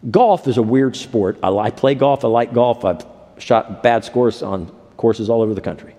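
A man's voice: mid-range voice, moderate pace, mellow. A man preaching a sermon in a storytelling way, slipping into the voices of the people in his anecdotes. His words ring out with a long reverb from a large hall. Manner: storytelling, acts out quoted voices. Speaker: pastor.

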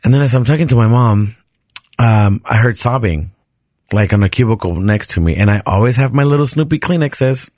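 A man hosting a podcast, telling a personal story in an animated, chatty way with frequent restarts. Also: medium pitch, brisk, dry recording, studio quality. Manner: animated, chatty, restarts sentences and laughs often. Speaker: podcast host. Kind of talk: casual storytelling.

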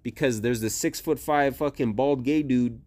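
A man's voice: mid-range voice, moderate pace. A young man chats on a podcast in a loose, rambling way, swearing often and restarting his sentences. His voice sits in the middle range. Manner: rambling, profane, animated storytelling. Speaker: podcast co-host. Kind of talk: casual chat.

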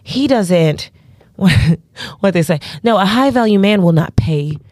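A woman co-hosting a podcast, chatting casually and telling profane, animated stories. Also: medium pitch, takes it slowly, no echo, clean studio sound. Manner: profane, animated storytelling with put-on voices. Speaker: podcast co-host.

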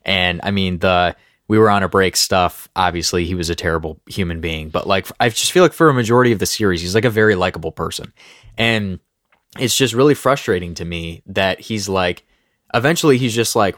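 Young man, low voice, dry close mic, heated casual ranting. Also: a little fast, fairly bright tone, no room sound. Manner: gets worked up and ranty, mocking voices in quotes. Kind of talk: casual chat.

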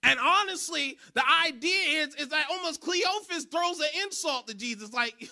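A man preaching a sermon in church, animated and shouting for emphasis. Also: extremely high pitch, moderate pace. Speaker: pastor.

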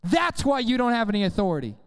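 A man preaching a sermon to young people, energetic and casual, often calling on the crowd to respond. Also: extremely high pitch, quick pace, smooth, in a large hall. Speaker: youth pastor.

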